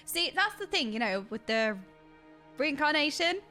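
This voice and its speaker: Bright high-voiced woman streamer. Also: lively intonation, takes it slowly, pauses often. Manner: chatty, reads chat messages aloud, laughs often. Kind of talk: casual game stream chat.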